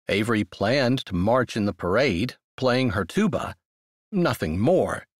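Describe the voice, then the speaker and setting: Slow, lively male narrator. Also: lowish voice, dry recording, studio quality. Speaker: audiobook narrator. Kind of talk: scripted narration.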